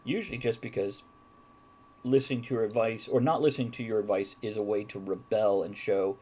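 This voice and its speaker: A man's voice: fairly low pitch, fairly even intonation, fairly quick, mellow, breathy edge. A man hosting a casual live-streamed chat show, reading viewer comments aloud and chuckling often. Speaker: host.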